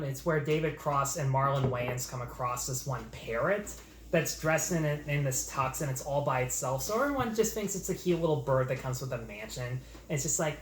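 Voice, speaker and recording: A man co-hosting a show, chatting casually and rambling through opinionated points. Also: fairly high pitch. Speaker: podcast co-host. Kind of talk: casual film chat. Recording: roomy echo, faint noise.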